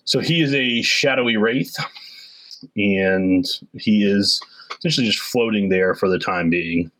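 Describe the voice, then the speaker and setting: Low-voiced man running a tabletop game. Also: unhurried, a bit bright, no room sound, poor audio. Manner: casual, hesitant with many fillers. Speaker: game master. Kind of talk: narrating a tabletop game recap.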